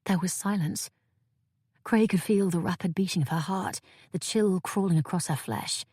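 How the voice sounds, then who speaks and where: A woman narrating an audiobook in calm, even scripted storytelling. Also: on the low side, moderate pace, slightly rough, no room sound, studio quality.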